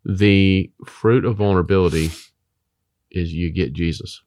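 A man's voice: deep voice, steady tone, unhurried, a little mellow, no room sound, studio quality. A man who is a Christian author, talking about faith in an emphatic, preacher-like way full of rhetorical questions.

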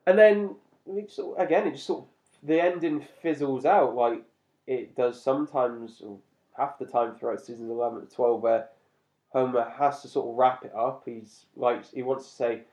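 A talkative man co-hosting a podcast, breaking into laughs and sudden animated bursts as he chats. His voice sits at a middling pitch. The recording is slightly muffled and lo-fi. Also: moderate pace. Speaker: podcast co-host. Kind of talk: casual chat reviewing a cartoon episode.

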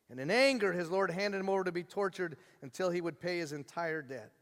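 Animated high-voiced preacher in a reverberant hall. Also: male voice, quick pace, hardly any pauses. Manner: animated storytelling, acting out the characters' voices. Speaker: pastor. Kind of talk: sermon.

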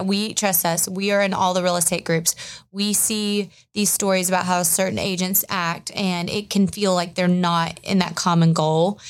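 A woman co-hosting a podcast, chatting casually with many fillers and a self-deprecating tone. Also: on the low side. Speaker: podcast co-host.

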